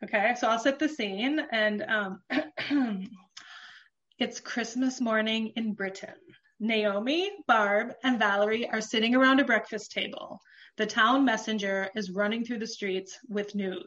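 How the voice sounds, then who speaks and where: A woman's voice: on the high side, a little slow, fairly bright tone, dull audio. A woman talking about her comedy book in casual chat, with lots of fillers. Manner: chatty, laughs often, lots of fillers. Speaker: comedy book author, guest.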